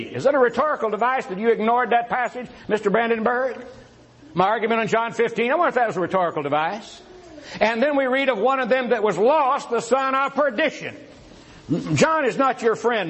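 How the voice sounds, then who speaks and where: A man's voice: very high voice, a bit bright, low-quality recording. A man giving a preacher-style rebuttal in a religious debate, firing rhetorical questions at his opponent before an audience.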